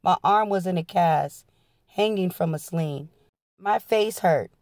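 A woman's voice: fairly low pitch, measured pace, a little mellow, dry recording, studio quality. A woman hosting her channel, reading a memoir aloud in an earnest storytelling style. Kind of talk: dramatic audiobook-style reading.

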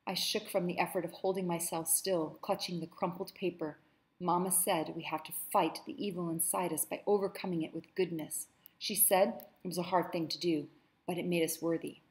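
A woman teacher reading a novel aloud with commentary, measured and expressive. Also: on the low side.

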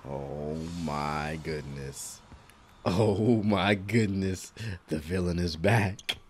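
A man hosting an anime reaction video, talking in casual, slangy commentary, exclaiming and laughing often. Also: fairly low pitch.

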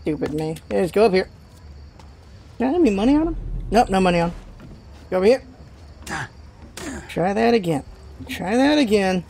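A man's voice: high voice, expressive, moderate pace, gravelly, long pauses, a little mellow, slight background noise. A man hosting a let's play, giving casual game commentary as he rants and swears in frustration.

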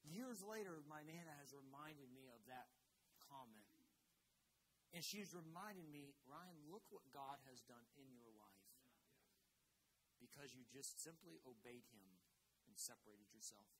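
A man's voice: mid-range voice, animated, a little slow, fairly bright tone, a little hiss or hum, poor audio. A young man from Florida preaching a sermon in church, telling a family story with many restarts and then urging his listeners on with growing fervor. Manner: earnest, repetitive restarts, rising to fervent exhortation. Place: church sanctuary.

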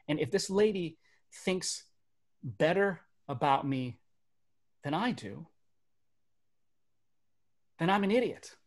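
A man, a magician and speaker in his thirties, telling comic personal stories to a virtual audience on a webcam setup, animated, and dropping to quiet for serious beats. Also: fairly high pitch. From Burbank, United States. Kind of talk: stand-up storytelling for a virtual audience.

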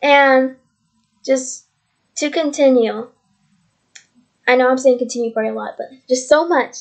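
High-voiced rambling woman vlogging. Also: measured pace. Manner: rambling, repetitive, earnest. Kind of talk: casual faith testimony vlog. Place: at home. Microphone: computer mic.

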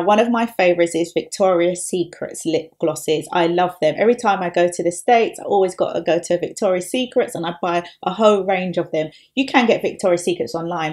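Chatty woman makeup artist, lower voice. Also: darkish tone. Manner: chatty, upbeat, step-by-step explaining. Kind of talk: makeup tutorial.

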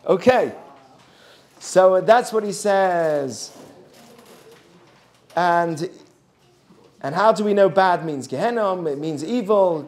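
A man with a fairly high, light voice gives a Torah lesson in a classroom. He tells stories and often turns to the students with questions. In the tense parts of a story his voice drops soft and low. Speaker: Torah teacher.

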